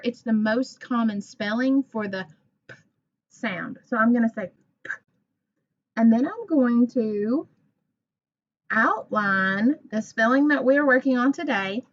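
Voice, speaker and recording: A woman teaching a phonics lesson to young children, speaking clearly, modeling sounds and encouraging them. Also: mid-range voice, a bit bright, highs cut off.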